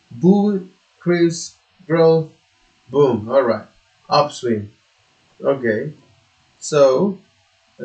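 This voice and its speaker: A man who is not a native English speaker, studying out loud on his own, halting and repeating words, now and then swearing in frustration. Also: mid-range voice. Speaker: self-taught learner. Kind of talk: thinking aloud while studying. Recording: echoey room.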